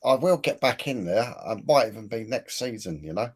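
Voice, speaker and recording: A man's voice: mid-range voice, animated, normal speed. A man, a guest on a live show, talking casually and hesitantly, often trailing off. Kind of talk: casual chat.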